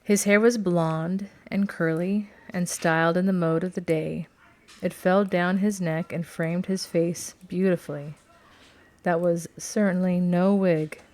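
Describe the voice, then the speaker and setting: A woman reading a novel aloud as scripted narration, in a measured, steady storytelling manner. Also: on the low side. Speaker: audiobook reader.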